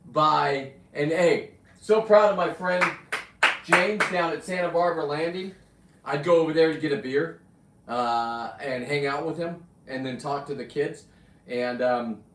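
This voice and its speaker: A man's voice: on the high side, a bit bright. Brief: casual male streamer, rambling chat, roomy room, mic some distance off. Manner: casual, chatty, rambling, with restarts and cussing asides. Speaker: livestream host, spearfisher and taxidermist.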